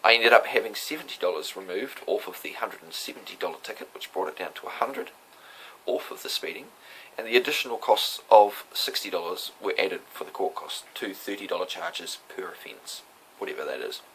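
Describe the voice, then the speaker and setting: A man's voice: low voice, animated, brisk, fairly bright tone, a little hiss or hum, low-quality recording. A man talking casually and defiantly about his day in court, lecturing and emphatic. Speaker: self-represented defendant recounting a court hearing. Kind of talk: casual spoken monologue.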